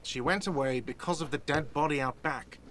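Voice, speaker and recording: A man's voice: on the high side, normal speed, a bit bright, natural voice. An actor playing a petty, defensive male cafe manager in a video game, talking in an irritable, whiny way. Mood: irritated.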